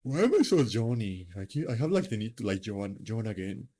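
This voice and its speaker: A man's voice: fairly low pitch, very animated, fairly quick, dark tone. A man hosting a live stream, chatting casually in a rambling, self-mocking way with lots of fillers. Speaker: streamer host.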